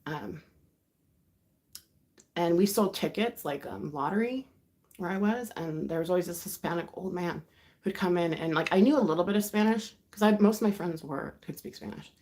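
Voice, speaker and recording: A woman's voice: on the low side, moderate pace. A woman in her thirties from the United States, hosting a rambling, confiding livestream chat. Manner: rambling, confiding, with sighs and soft laughs. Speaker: livestream host. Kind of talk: casual chat.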